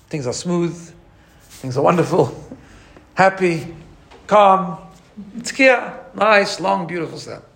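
A man teaching a lively religious lesson. He imitates sounds as he explains and often restarts his phrases. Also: high voice, creaky. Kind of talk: teaching talk.

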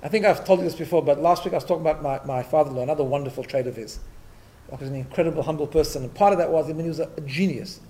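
A man's voice: fairly high pitch, rapid-fire, mellow. Man giving a conversational Torah class. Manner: conversational teaching, storytelling with Yiddish and Hebrew terms, tags with "right?". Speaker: rabbi teaching a class.

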